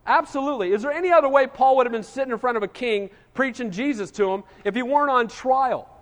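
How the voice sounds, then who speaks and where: A man's voice: extremely high pitch, quick pace, long reverb tail. A man preaching a sermon as pastor, emphatic and conversational, often asking his congregation "Amen?".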